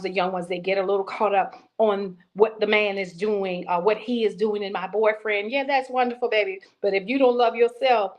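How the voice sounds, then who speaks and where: A middle-aged woman hosts a talk show with an encouraging, sermon-like flow. She sounds heartfelt and emphatic, and she speaks at an everyday middle pitch. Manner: warm preacherly encouragement, calls listeners baby. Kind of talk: casual interview chat.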